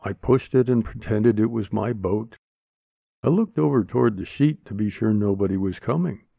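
A man narrating a story aloud in a slow, plain manner. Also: fairly low pitch, vocal fry, dry recording. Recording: dry, tinny phone-like sound.

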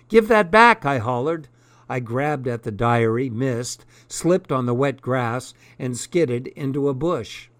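A man reads a first-person story aloud at a notably slow, deliberate pace. His voice sits in an ordinary middle pitch. The recording is close and dry, with no room echo. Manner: unhurried, deliberate reading. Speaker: audiobook narrator.

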